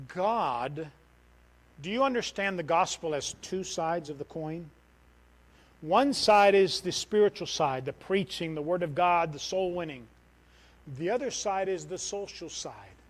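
A middle-aged man preaching a sermon in a church as a missionary, animated, swinging from loud outbursts down to quiet, tender passages. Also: a little high, poor audio.

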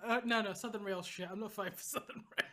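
A podcast co-host talking in casual chat that swells into rousing, worked-up speechmaking. Swears freely and gets carried away. Music plays clearly in the background. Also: mid-range voice, level tone, fast. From Britain.

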